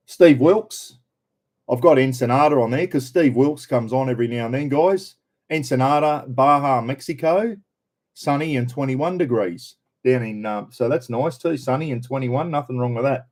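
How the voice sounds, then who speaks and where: A man's voice: mid-range voice, darkish tone. An older Australian man hosting a casual live stream, chatting and greeting viewers by name.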